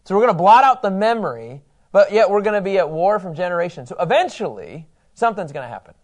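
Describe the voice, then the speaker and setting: Animated man teaching a Bible class. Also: high-pitched, fast talker. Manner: animated, asks the class questions and reads scripture aloud.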